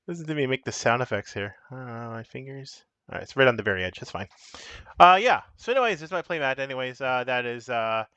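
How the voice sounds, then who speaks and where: A man's voice: medium pitch, big pitch swings, fairly quick, sharp tone, no echo, lo-fi sound. Rambling man streaming a card game. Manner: rambling, self-correcting, chatty with viewers. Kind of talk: casual live-stream chat.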